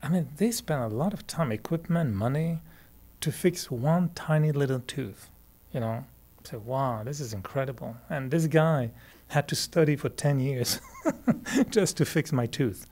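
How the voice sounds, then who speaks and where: A man with a French Canadian accent, a native French speaker, teaching meditation in a relaxed, chatty way, laughing often and restarting sentences. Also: a little high, moderate pace, few pauses. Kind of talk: relaxed spoken talk to a group.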